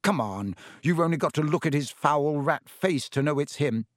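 A man's voice: a little high, animated, moderate pace, no echo, studio quality, voice pushed up, lightly acted. A man voicing a grumpy, sarcastic schoolboy who drawls his complaints irritably.

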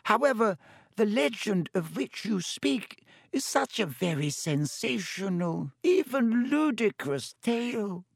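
A man voicing an ancient, shriveled ghost professor who speaks in a dry, wheezy, slow lecturing drone. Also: sits high, sing-song, gravelly, dry recording, voice pushed up, heavily acted. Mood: hesitant.

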